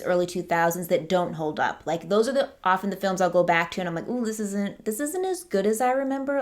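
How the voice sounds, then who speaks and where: Chatty woman reviewing a movie. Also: lowish voice. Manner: chatty, enthusiastic, many fillers and restarts. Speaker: movie reviewer, channel host. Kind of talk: casual film review vlog.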